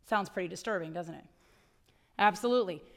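A woman's voice: fairly low pitch, a little fast, vocal fry. A middle-aged woman preaching a sermon as pastor, conversational, wry and emphatic, often adding "right?" to her points.

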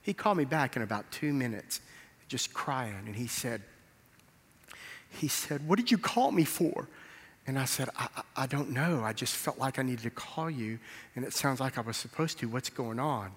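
A man's voice: medium pitch, moderate pace, fairly bright tone. A male pastor preaching a sermon, telling a story and acting out the dialogue, with emphatic rises in volume. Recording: reverberant hall.

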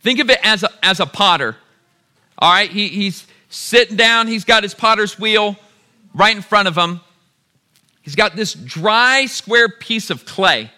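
A man preaches a sermon, speaking to his listeners as "y'all". His voice sits high for a man and rings very bright and forceful. He drives points home by repeating short phrases. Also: unhurried. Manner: addresses the crowd as "y'all", builds to emphatic repeated lines.

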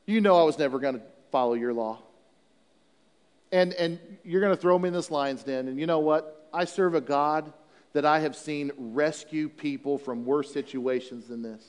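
Brief: preacher doing a calm, devout male prophet, earnest and steady, higher-pitched man, echo of a big hall. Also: normal speed, smooth, close to an everyday voice. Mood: resolute.

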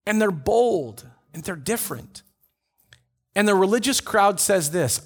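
High-voiced male pastor preaching. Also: big pitch swings, normal speed, fairly bright tone. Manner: storytelling with acted-out voices for biblical figures. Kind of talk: sermon.

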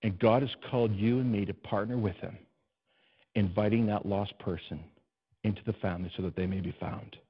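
A man preaching a sermon as pastor, swinging between hushed low passages and loud, soaring ones, often putting questions to the congregation. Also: fairly even intonation, fairly quick, husky, muffled recording. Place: church.

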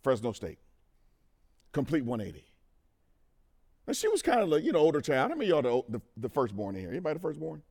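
A middle-aged man giving a testimony sermon at a men's conference, talking straight to the crowd and moving from quiet to loud. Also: a little high, quick pace, long pauses. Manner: animated, talks to the crowd, swings from quiet to loud. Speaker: conference speaker.

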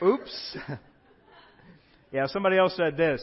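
Slightly high-voiced male pastor preaching. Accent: Southern American. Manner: reads out quoted texts, voice drops soft and slow for tender lines. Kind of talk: sermon. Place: church sanctuary. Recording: dull lo-fi church recording.

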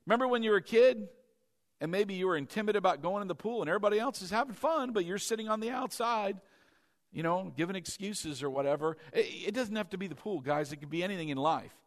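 A man preaching a Sunday sermon as pastor, moving between loud exclamations and soft teaching and calling on the congregation to answer. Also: high-pitched, fast talker. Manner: calls for congregation responses.

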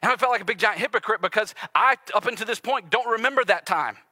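A male pastor preaching a sermon earnestly and confessionally, swinging between loud urgency and hushed intimacy. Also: high voice, fast, dry recording, clean studio sound. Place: church sanctuary with live and online audience.

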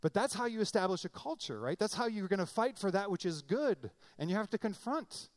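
Animated, high-voiced preacher man. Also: brisk. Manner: conversational, animated, acts out quotes with comic voices. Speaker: pastor. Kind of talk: sermon.

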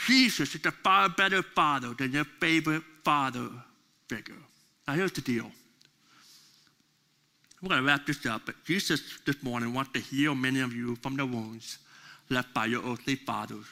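A middle-aged male pastor preaching a sermon, impassioned at times and soft and prayerful at others. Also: medium pitch, normal speed, vocal fry.

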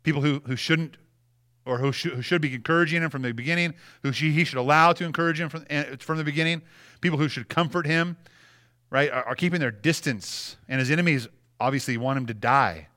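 A man's voice: on the high side, a little fast, sharp tone. A man preaching a sermon with passion, often repeating words as he stresses a point. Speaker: pastor.

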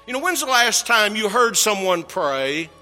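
A male pastor preaching an earnest sermon with slow, emphatic phrasing that drops low at the ends of lines. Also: sing-song, sharp tone, in a large hall, soft background music.

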